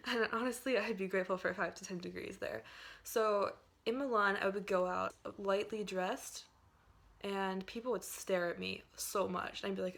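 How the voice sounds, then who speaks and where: A woman's voice: mid-range voice, a bit bright. A young woman from Pennsylvania talking to camera in a casual, rambling vlog, full of fillers and hedges. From Pennsylvania, USA. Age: young adult. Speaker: vlogger.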